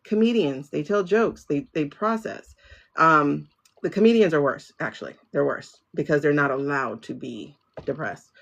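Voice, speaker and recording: Woman on a livestream talking to her viewers, low gravelly voice, chatty. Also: moderate pace, highs cut off. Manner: chatty, talks straight to viewers. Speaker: livestream host, tarot reader. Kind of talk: casual livestream chat.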